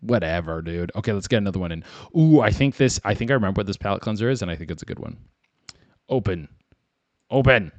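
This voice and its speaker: A man hosts a solo comedy podcast, riffing crudely and wandering off on tangents. His pitch swings up and down as he jokes along. The sound is close and dry, with no room in it. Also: lively intonation, quick pace, no echo, lo-fi sound.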